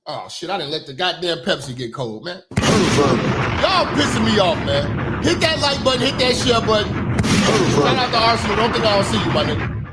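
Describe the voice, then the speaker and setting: A high-voiced man rants and swears through reaction commentary. His pitch swings all over the place as he jumps from one complaint to the next. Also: moderate pace, heavy background noise. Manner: animated, swearing, ranting. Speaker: commentary streamer.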